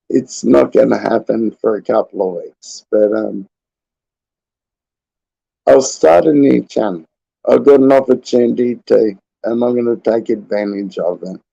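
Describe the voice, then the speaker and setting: A man's voice: mid-range voice, a little slow, creaky, long pauses, mellow, slightly rough, no echo, highs cut off. An Australian man in his forties, rambling casually and chuckling often as he hosts his livestream. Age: 40s. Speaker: livestream host.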